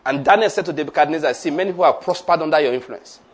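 A man's voice: a little high, very fast, slightly rough. A man preaching a sermon and leading the congregation in call-and-response declarations.

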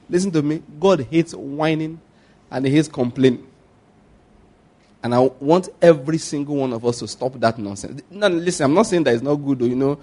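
A man in his forties preaches with animated stories. He breaks into laughter often and throws questions back at the congregation. His voice sits a little higher than most men's. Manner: animated storytelling with call-and-response questions. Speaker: pastor. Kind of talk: sermon.

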